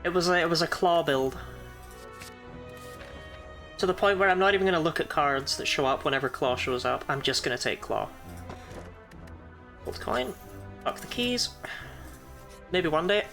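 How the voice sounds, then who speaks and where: A woman's voice: low-pitched, expressive, normal speed, long pauses, a bit bright, soft background music. A woman with a New Zealand accent, thinking aloud and swearing casually as she streams a card game. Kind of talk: casual gaming commentary.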